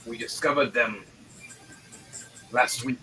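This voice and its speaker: A man voicing a gruff older male dwarf lord who smokes a pipe, talking bluntly and slowly. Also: medium pitch, steady tone, bright, forceful tone, faint music behind, low-quality recording. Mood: grave.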